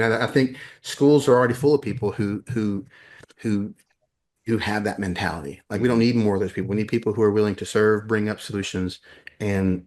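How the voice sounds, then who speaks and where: A man who is an educator appears as a podcast guest in a conversational interview, speaking in a lowish voice with a darkish tone. He is emphatic and often repeats words as he builds his points.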